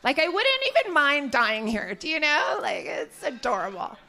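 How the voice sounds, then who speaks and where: A woman's voice: high voice, sing-song, normal speed, sharp tone. A woman doing a live stand-up comedy set, brash and bawdy, often laughing through her lines. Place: small studio venue set up in a warehouse.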